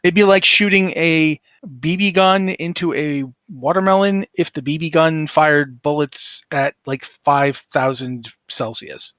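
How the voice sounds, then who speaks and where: A man's voice: a little high, unhurried, a bit bright, no room sound, studio quality. Rambling man running a tabletop game. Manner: rambling, vivid descriptions with many fillers. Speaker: game master.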